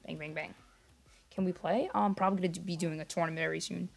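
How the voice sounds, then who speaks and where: This young man speaks fast in a high register, his intonation fairly even and his voice showing vocal fry. He's livestreaming a game and chatting casually with viewers, wandering off topic and saying sorry a lot. Sometimes he lowers his voice to stay quiet.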